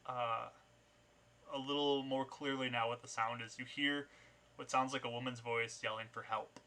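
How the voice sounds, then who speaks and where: A man's voice: mid-range voice, steady tone, normal speed, bright, forceful tone. A man narrating a tabletop game as game master, describing scenes with many small restarts. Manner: descriptive, with frequent fillers and restarts.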